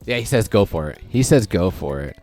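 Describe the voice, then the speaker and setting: Soft background music sits under a low-voiced man who is animated and a little fast as he comments casually on recorded play. A gaming video creator, he chats, thinks out loud, restarts a lot, and retells moments with "I'm like."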